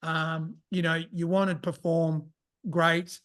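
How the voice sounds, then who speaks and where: A man's voice: a little high, flat delivery, takes it slowly, a bit bright, clean tone. A man in casual podcast chat, rambling and swearing as he acts out his own thoughts. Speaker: podcast guest.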